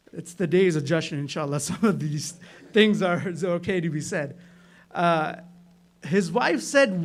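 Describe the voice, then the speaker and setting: High-voiced man telling a sermon story. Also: moderate pace. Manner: storytelling with frequent "right?" asides, rising loud in dramatic moments. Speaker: speaker at a religious gathering. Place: community hall.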